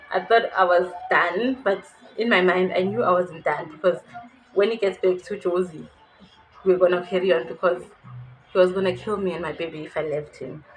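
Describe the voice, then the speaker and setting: A young woman with a South African accent speaks in a slightly low voice, telling her own story openly and breaking into nervous laughs. She talks straight to her viewers in a casual vlog. There is a faint background hum. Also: low-quality recording. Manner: candid, laughs nervously while recounting. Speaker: YouTuber.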